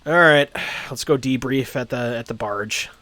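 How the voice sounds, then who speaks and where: A man's voice: medium pitch, normal speed, pushed and bright, no room sound. A man streaming a role-playing game live, chatting casually with lots of fillers and reading game text aloud. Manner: rambling, lots of uhs and ums.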